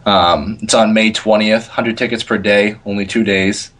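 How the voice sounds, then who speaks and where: A man's voice: on the low side, fairly even intonation, normal speed, fairly bright tone, poor audio. A man hosting a gaming podcast, easygoing and laughing often as he chats. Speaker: podcast host. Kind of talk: casual chat.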